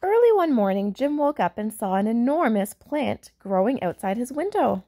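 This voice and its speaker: A woman reading a picture book aloud for children, pausing to explain words and point out pictures. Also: fairly high pitch, sing-song. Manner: warm, explaining asides to young listeners. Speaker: storyteller.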